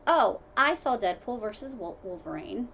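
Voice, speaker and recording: A woman's voice: fairly high pitch, normal speed, a little hiss or hum. Rambling woman podcast host at home. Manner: rambling, tangent-hopping, filler-heavy; animated, swings between loud asides and quiet mutters. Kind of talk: casual solo podcast chat.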